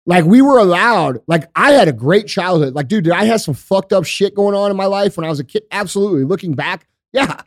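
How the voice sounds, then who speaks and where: A man's voice: sits high, animated, brisk, hardly any pauses, no room sound, clean studio sound. A man in his forties hosting a podcast, ranting with heavy swearing and emphatic repetition. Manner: profane, emphatic, repeats himself. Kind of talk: heated opinionated rant.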